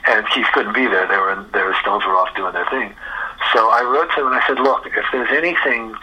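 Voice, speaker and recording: A very bright, strongly husky older man, a guest musician on a radio show. He tells lively stories and acts out each line of dialogue, swearing freely and laughing often. His voice sits fairly low. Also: a little fast, poor audio. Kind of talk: storytelling interview chat. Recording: radio interview recording.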